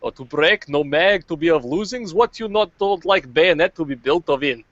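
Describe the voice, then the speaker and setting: A man's voice: fairly high pitch, animated, normal speed, fairly bright tone, no room sound, pitched above the performer's own voice. A man putting on a mock-Russian comrade. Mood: indignant. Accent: fake Russian. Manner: broken English, indignant. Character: gruff Russian soldier man, boastful. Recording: dull lo-fi podcast audio.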